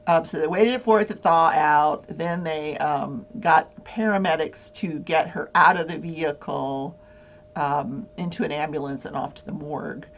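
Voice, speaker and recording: Woman host rambling thru a story, laughs a lot, lots of ums, lowish voice, dull hummy sound. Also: moderate pace. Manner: rambling storyteller who laughs often, many fillers. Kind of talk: casual chat. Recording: dull lo-fi with faint hum.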